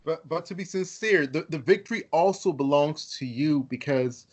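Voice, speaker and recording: A man's voice: fairly high pitch, normal speed, darkish tone, breathy edge. A man hosting a podcast interview, speaking in an earnest, enthusiastic way. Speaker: podcast host. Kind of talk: casual interview.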